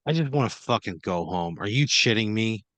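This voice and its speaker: A man's voice: fairly low pitch, expressive, moderate pace, a bit bright, no echo. A man playing along in an improvised comedy scene, exasperated and swearing constantly. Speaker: improv player. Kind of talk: improvised comedy role-play.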